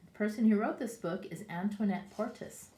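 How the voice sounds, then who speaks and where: A woman as a preschool teacher reading a picture book to young children and asking them questions, in an animated way. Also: medium pitch, a little fast, a little hiss or hum. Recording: echoey room.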